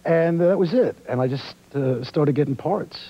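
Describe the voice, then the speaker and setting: An Australian actor with a New York accent tells stories as a guest on a talk show, relaxed but animated. His voice is husky and fairly high at a normal pace, captured on dull, lo-fi 1990s TV tape.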